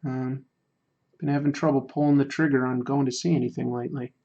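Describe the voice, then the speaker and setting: A man's voice: medium pitch, level tone, fairly quick, dark tone, dull audio. A man chatting casually with viewers while he draws on a livestream, rambling and self-deprecating, with frequent fillers. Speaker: livestreaming artist. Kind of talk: casual chat while drawing, answering viewer comments.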